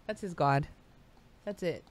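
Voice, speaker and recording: A woman playing a tabletop game, excitable and eager. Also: sits low, measured pace. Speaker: player.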